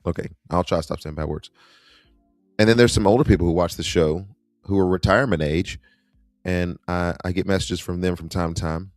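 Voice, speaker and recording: Middle-aged male host, very deep, casual and wry, dry close mic. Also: fairly even intonation, brisk, dry recording, soft background music. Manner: chatty, wry asides, reacts to clips. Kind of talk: casual livestream commentary.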